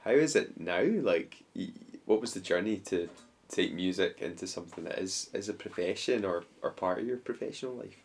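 Deep-voiced podcast host. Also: male voice, lively intonation, moderate pace, few pauses. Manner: upbeat, laughs often, many short affirmations. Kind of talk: casual interview chat. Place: guest's home studio.

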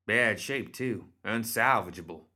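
A man's voice: lowish voice, measured pace. A man doing a curt, grim frontiersman. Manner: curt, deadpan. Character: gruff grim blunt male frontiersman.

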